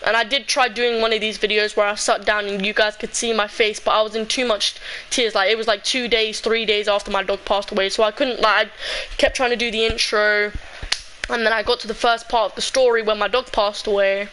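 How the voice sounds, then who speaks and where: A woman's voice: mid-range voice, flat delivery, fairly quick, a bit bright, slight background noise, low-quality recording. A teenage girl telling a sad personal story in a rambling way, full of fillers. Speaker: streamer. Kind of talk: emotional storytelling vlog.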